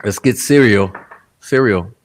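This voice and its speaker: A man's voice: fairly low pitch, a little slow. A man hosting a casual livestream, reading viewer comments aloud in a laid-back, rambling way, chuckling often. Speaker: livestream host.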